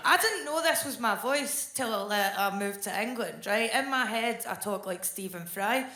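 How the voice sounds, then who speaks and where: A woman in her thirties with a Scottish accent, doing a blunt, deadpan stand-up comedy set on a club stage. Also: a little high, moderate pace. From Scotland. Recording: echoey club with crowd noise.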